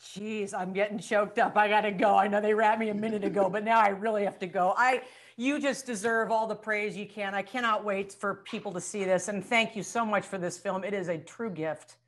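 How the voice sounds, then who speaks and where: A woman's voice: medium pitch, fairly even intonation, a little fast. A woman host interviewing film cast members, gushing with effusive praise between her questions. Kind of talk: press junket interview.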